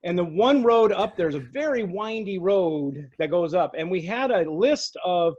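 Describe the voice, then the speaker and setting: A man co-hosting a casual podcast, telling lively stories about his dispatcher days and acting out the quoted voices. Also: high-pitched, normal speed, no echo, lo-fi sound. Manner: animated storyteller, acts out quotes. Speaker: podcast co-host, former dispatcher. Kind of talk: casual storytelling chat.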